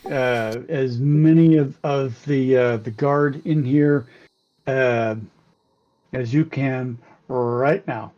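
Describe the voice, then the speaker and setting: A man playing a tabletop game, speaking in a halting way full of ums. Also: mid-range voice, a little mellow, lo-fi sound. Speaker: player. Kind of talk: casual tabletop play.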